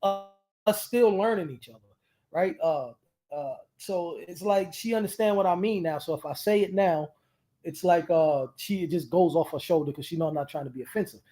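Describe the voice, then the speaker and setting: A man's voice: a little high, moderate pace, warm tone. A man co-hosting a casual chat with his partner, telling stories animatedly with lots of restarts and colloquial speech. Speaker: co-host.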